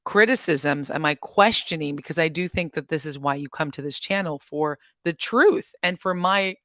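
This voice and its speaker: A woman's voice: deep voice, normal speed, fairly bright tone, no room sound. Chatty woman with a dry close sound. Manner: chatty, rambling, laughs often. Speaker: channel host reacting to news. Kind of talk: casual reaction vlog.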